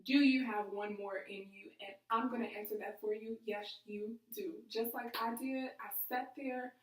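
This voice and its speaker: A fairly high-voiced woman speaks to her viewers in a candid, rambling way, leaning on fillers as she goes. The sound is roomy and echoey, and she sits back from the microphone. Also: fairly even intonation, moderate pace, a little hiss or hum. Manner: emotional, rambling, many fillers like "like" and "you know". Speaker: vlogger. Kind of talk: candid personal storytelling to camera. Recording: echoey room, voice from a distance.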